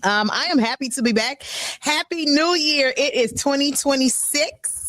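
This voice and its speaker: A woman's voice: sits high, normal speed, fairly bright tone, no echo. A woman hosting a live radio talk show, chatty and playful, with a bubbly, upbeat way of talking. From Chicago. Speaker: radio host.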